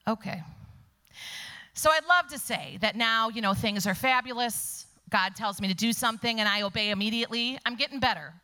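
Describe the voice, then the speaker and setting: A woman with a bright, clear voice that sits a little high tells her personal testimony before a church congregation. She tells it with animation, now lively, now falling to a soft whisper to land a point. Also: a little fast. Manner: animated storyteller who drops to soft whispers for emphasis. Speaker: church speaker giving testimony.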